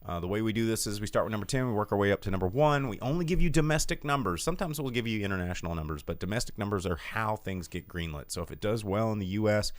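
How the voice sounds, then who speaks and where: A man co-hosting a movie podcast in casual chat, an animated storyteller. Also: on the low side, quick pace, hardly any pauses, dry recording. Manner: animated storyteller, lots of fillers. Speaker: podcast co-host.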